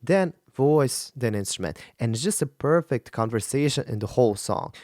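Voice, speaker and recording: Animated, enthusiastic male vocal coach. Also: mid-range voice, normal speed, no room sound, studio quality. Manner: enthusiastic, analytical. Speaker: vocal coach reacting to a song. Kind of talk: music reaction commentary. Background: faint rock song playing.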